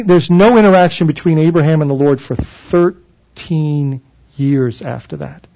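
High-voiced earnest male preacher. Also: darkish tone, low-quality recording. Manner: earnest, emphatic, with repeated restarts. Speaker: pastor. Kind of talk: sermon, reading and explaining scripture.

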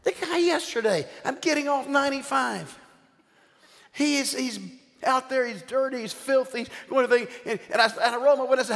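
An older man, a bishop, preaching a sermon with animated storytelling and call-outs to the congregation. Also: extremely high pitch, brisk, gravelly. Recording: long hall reverb.

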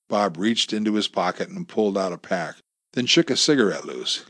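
A man narrating a thriller audiobook in measured storytelling, voicing every character himself. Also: low voice, animated, a bit bright, no echo, studio quality.

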